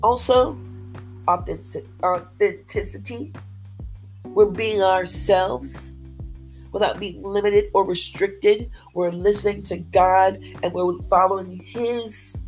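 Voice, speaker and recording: An upbeat woman delivering a faith-based motivational talk with lots of pep in her voice. She leans on repeated phrases to drive her points home, and soft music plays faintly behind her. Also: medium pitch, fairly even intonation, takes it slowly, poor audio. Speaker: motivational speaker.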